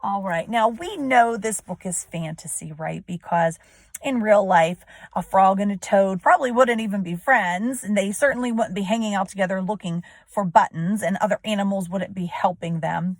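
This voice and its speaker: A woman's voice: medium pitch, normal speed, no echo. A woman teacher reading a storybook aloud to children and explaining it, often asking questions and checking with "right?".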